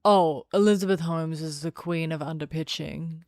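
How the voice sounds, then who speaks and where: A young adult woman streaming casual chat, playful and sing-songy, sometimes dropping into a lower, serious tone. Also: normal speed, darkish tone, dry recording, studio quality. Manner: sing-songy, chatty, shifts between playful and low serious tone.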